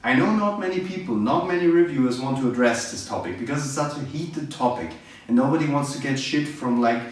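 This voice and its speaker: A man's voice: medium pitch, lively intonation, a little fast. A man reviewing a film in a casual, sarcastic, exasperated rant. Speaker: movie reviewer. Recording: very echoey room, distant mic.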